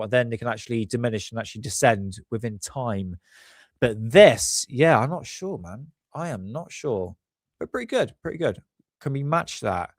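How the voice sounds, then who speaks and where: A man's voice: medium pitch, dry recording, clean studio sound. A man hosting a casual livestream, rambling and chatty with a blocked-up nose. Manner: rambling, chatty, self-correcting. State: congested, stuffy sinuses. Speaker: livestream host.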